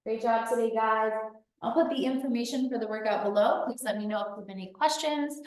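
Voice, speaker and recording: A woman's voice: on the high side, brisk, a little mellow, heavy reverb, recorded from a distance, rough recording. A woman fitness coach leading a workout, cueing breaths as she demonstrates the moves, a little out of breath. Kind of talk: workout instruction.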